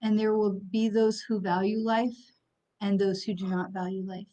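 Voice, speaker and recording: A woman's voice: mid-range voice, flat delivery, normal speed, dark tone. Middle-aged woman, psychic medium host, blunt and angry, swears then apologizes; muffled stream audio. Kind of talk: livestream talk to viewers. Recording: slightly dull lo-fi stream audio.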